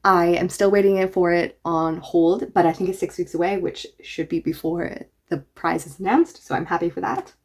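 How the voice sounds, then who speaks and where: A woman's voice: lowish voice, fairly even intonation, normal speed, hardly any pauses. A woman book reviewer talking casually and enthusiastically in a reaction vlog. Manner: enthusiastic, chatty.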